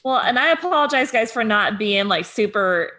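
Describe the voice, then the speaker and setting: A woman's voice: fairly high pitch, animated, moderate pace, bright, forceful tone. A woman co-hosting a podcast in casual chat, rambling with frequent laughs and fillers. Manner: rambling, laughs often, lots of "like". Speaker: podcast co-host.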